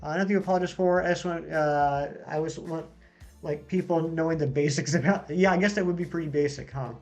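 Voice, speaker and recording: Young man with a somewhat high voice, talking casually over faint music. He banters easily with his viewers and reads their comments aloud as he goes. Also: fairly even intonation, fairly quick, a little mellow. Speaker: streamer reading chat. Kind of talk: casual live-stream chat.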